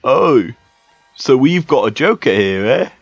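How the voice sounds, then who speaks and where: A man's voice: mid-range voice, big pitch swings, a little slow, no echo, voice pushed up. A man voicing brash, mocking young trainers in a northern English accent, reading game dialogue in a Let's Play. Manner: loud, mocking, cocky. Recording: dull lo-fi sound with faint music.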